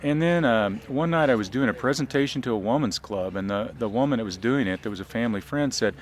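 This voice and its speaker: A man's voice: mid-range voice, fast, hardly any pauses. A man from Southern Illinois, a reenactor, talking casually in an interview outdoors with frequent ums. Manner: relaxed, frequent um and uh, restarts. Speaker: reenactor and biology teacher.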